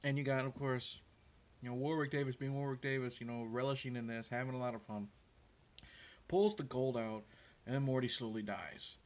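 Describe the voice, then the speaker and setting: Guy rambling through a movie scene recap, lots of ums, ordinary mid pitch. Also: fairly even intonation, fairly quick. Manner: rambling, hesitant, many fillers and restarts. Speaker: host. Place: room with a window.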